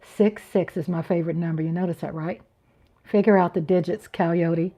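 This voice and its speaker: A woman's voice: on the low side, fairly even intonation, normal speed, dark tone. A woman in her fifties hosting a casual livestream, reading chat comments aloud with playful giggles and little sung riffs. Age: 50s. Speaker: livestream host.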